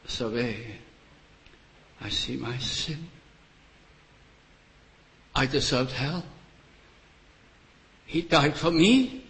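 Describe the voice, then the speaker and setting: Slow, deliberate older male preacher. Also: medium pitch, animated, a bit bright, slight background noise, rough recording. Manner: slow and deliberate, rising to emphatic rhetorical questions. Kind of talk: sermon.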